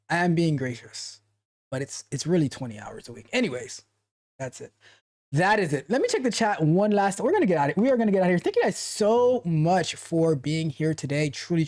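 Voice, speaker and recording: A man's voice: a little high, a little mellow. A man hosting a coding livestream as a tech coach, talking casually and emphatically, repeating phrases for stress and reading out the chat.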